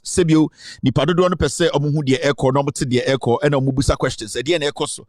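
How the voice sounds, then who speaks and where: A man's voice: fairly high pitch, steady tone, quick pace, no echo, clean studio sound. Boastful Ghanaian man hosting live. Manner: boastful, switches between Twi and English, rambling asides. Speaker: online show host. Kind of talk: live political talk stream.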